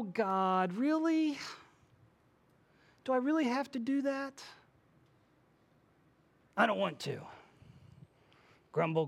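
Male pastor, 40s, high-pitched, lively preaching delivery that slips into quoted voices. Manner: animated, acts out quoted voices. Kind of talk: sermon.

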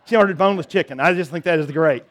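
A pastor preaching a sermon in a slightly higher-than-average male voice. He drives some points home loudly and drops others to a quiet, low murmur. The delivery is conversational but emphatic. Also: very fast. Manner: dynamic preaching, swings from loud emphatic to soft and low.

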